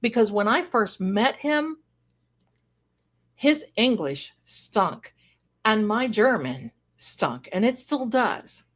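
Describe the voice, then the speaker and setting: A middle-aged woman chatting on a live stream, her voice sitting a little high. She talks slowly and rambles from one thought to the next, singing snatches and laughing along the way. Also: animated. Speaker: livestream host. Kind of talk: casual live-stream chat with viewers.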